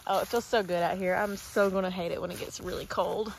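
A woman's voice: lowish voice, steady tone, fast talker, creaky, a little hiss or hum. A woman with a Southern American accent chatting casually to her camera outdoors in her yard, rambling and restarting her sentences as a family vlogger. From West Tennessee, USA. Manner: rambling, chatty, trails off and restarts mid-thought. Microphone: handheld camera.

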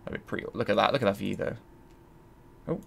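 A man's voice: on the low side, fast talker, vocal fry, slight background noise. A man hosting a let's play, thinking aloud and grumbling as he searches. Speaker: gaming channel host.

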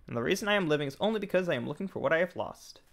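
A man reading a video game's lines for an ancient woman librarian who wants revenge, in a calm, fairly flat voice. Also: a little high, very fast, gravelly. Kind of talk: reading game dialogue aloud.

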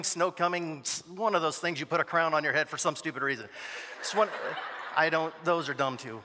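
A man telling a story in a chapel sermon, animated, with joking asides and dramatic quoted voices. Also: high voice. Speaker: guest chapel speaker, former youth pastor. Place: university chapel. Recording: echoey hall.

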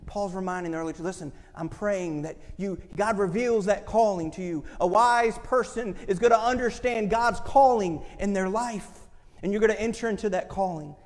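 A man's voice: sits high, moderate pace. A man preaching a sermon as pastor, impassioned and acting out quoted voices. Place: church sanctuary. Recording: long hall reverb from a church.

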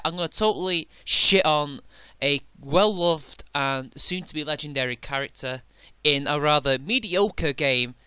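Male reaction commentator, sharp bright tone, heavy mocking sarcasm. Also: on the high side, clear, resonant tone, dry recording. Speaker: reaction video maker.

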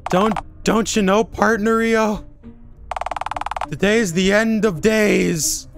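A calm, folksy neighbor type who calls everyone partner, drawling along at an unhurried pace, as a man voices him. He sits fairly high for a man. Game music plays behind the voice. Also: vocal fry, exaggerated voice. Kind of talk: reading game dialogue aloud in a voice.

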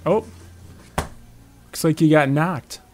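A man's voice: fairly high pitch, slow, a little mellow, soft background music. A man giving casual, chatty commentary on his own moves as he plays a video game. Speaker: gameplay commentator.

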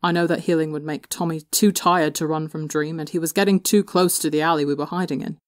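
A woman softly voicing a weary remorseful young man. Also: a little high, steady tone, brisk, no room sound, clean studio sound, natural voice. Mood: subdued. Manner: quiet, subdued, sheepish.

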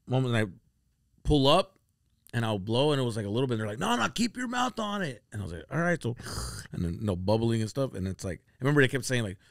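A man on a comedy podcast telling a story casually, acting out his friends' lines with big jumps in pitch. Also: fast, dry recording, studio quality. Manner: animated, acts out quoted friends with sudden jumps in pitch.

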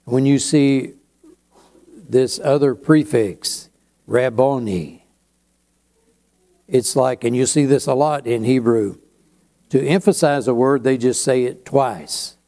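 Pastor, male; slow, unhurried sermon delivery with a warm, mellow tone and chatty asides. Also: medium pitch. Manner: slow, conversational preaching with asides.

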